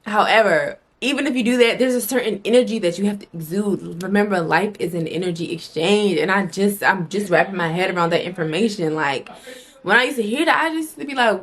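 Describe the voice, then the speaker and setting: A woman's voice: mid-range voice, lively intonation, a little fast. Blunt, swearing woman vlogger. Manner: blunt, emphatic, swears freely; repeats phrases for emphasis. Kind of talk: casual motivational vlog talk.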